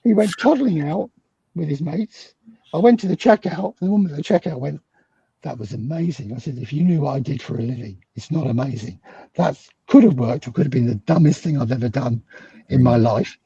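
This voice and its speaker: A middle-aged British guest psychologist tells an animated story in conversation, acting out the dialogue he quotes with big swings in pitch. His gravelly, husky voice has a dark tone and moves fairly quickly. The recording is muffled with no room sound.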